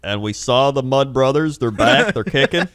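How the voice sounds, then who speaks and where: A man's voice: mid-range voice, animated, moderate pace, a bit bright, no room sound, clean studio sound. A man co-hosting a casual comedy podcast, telling rambling stories and laughing often. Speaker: podcast co-host.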